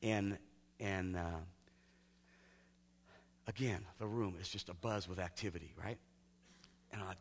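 A lower-voiced male pastor tells a story in a sermon, chatty and personal, often sinking to a hushed near-whisper. His voice trails off into a long reverb, as if in a large hall. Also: fairly even intonation, unhurried, long pauses, slight background noise.

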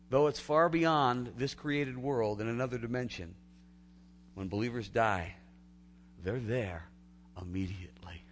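A pastor giving a conversational sermon that swings between loud, emphatic build-ups and hushed, quiet lines. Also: male voice, lowish voice, a little hiss or hum.

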